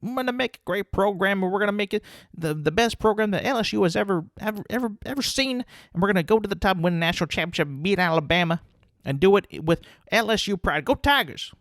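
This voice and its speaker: A boastful, over-the-top football coach who gushes and stammers, his voice pushed up high and bright, as a man puts him on in a comedy skit. The recording is close and dry with no room sound. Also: expressive, fast, no echo. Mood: gushing. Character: gushing overeager male football coach.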